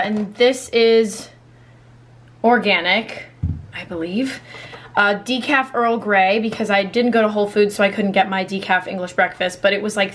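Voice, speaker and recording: A woman's voice: fairly high pitch, a bit bright. A young woman in a chatty, upbeat casual vlog, listing her grocery haul item by item. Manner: chatty, upbeat, lists items. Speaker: vlogger.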